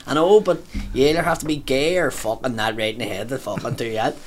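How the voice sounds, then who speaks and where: A man's voice: mid-range voice, a little fast. A man with a Belfast accent in casual conversation, blunt and sweary, acting out the people in his stories. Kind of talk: casual chat.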